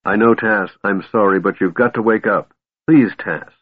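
Man playing a young woman, soft and tense, kinda husky, tinny phone sound. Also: on the low side, very animated, normal speed, full character voice. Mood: tender. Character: young woman, brave, tender and frightened.

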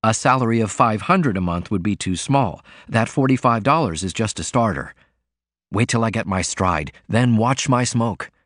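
A man's voice: on the low side, expressive, normal speed, fairly bright tone, dry recording, clean studio sound. A man reading an audiobook, voicing a poor young male writer who talks in an earnest, eager way. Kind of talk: audiobook character voice.

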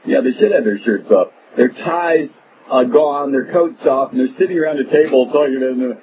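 A man's voice: medium pitch, moderate pace. A male radio host delivering a mocking, sarcastic, digressive monologue. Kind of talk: opinionated talk radio monologue. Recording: muffled radio broadcast with noise.

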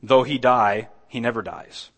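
A man preaching a sermon in a conversational way. He often repeats words and restarts, then swells louder on key points. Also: medium pitch, steady tone, unhurried. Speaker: pastor.

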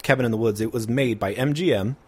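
A man's voice: medium pitch, fast, darkish tone, breathy edge. A young man co-hosting a podcast in casual chat, making dry jokes and thinking aloud as he goes. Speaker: podcast co-host.

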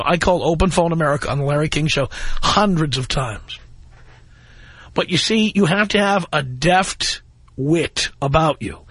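High-voiced wry radio host. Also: male voice, fairly bright tone, breathy edge, no room sound. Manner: wry, mocking, lecturing. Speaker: radio talk show host. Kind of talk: call-in talk radio. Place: radio studio. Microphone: close studio mic.

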